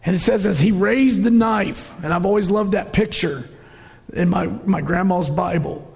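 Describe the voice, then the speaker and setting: Middle-aged male preacher, high gravelly voice, emotional storyteller, big reverberant church hall. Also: moderate pace. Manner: storytelling, emotional, rising to shouts. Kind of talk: sermon.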